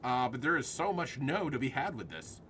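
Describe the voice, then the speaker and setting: A man's voice: mid-range voice, sing-song, moderate pace, a bit bright, slight background noise. A man streaming a horror game live, jumpy and swearing at scares while chatting with his viewers.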